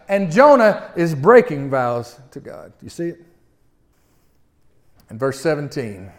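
A middle-aged man preaching a sermon. He speaks in a folksy, animated way and often turns to address the listeners directly. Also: on the high side, takes it slowly, pauses often.

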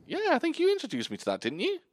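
A man co-hosting a casual podcast chat about films, animated and swearing freely, laughing easily. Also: very high voice, racing, no echo, studio quality. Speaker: podcast co-host.

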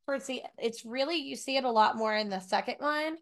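A woman's voice: on the high side, brisk. A woman co-hosting a book podcast from home, chatting casually with many fillers and asides. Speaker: podcast co-host. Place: home room with bookshelves.

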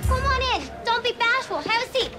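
Casting: a very high, bouncy young woman with a fake French accent, TV drama clip, music behind. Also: lively intonation, a little fast, bright, forceful tone, exaggerated voice. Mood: chirpy.

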